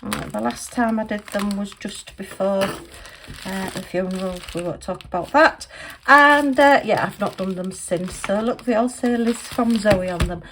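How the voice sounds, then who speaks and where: A woman's voice: mid-range voice, moderate pace, a bit bright, slight background noise. A middle-aged woman chats through an unboxing at home, often exclaiming and thanking, heard through a camera mic. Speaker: crafting vlogger. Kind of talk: casual unboxing chat. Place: home room at a desk.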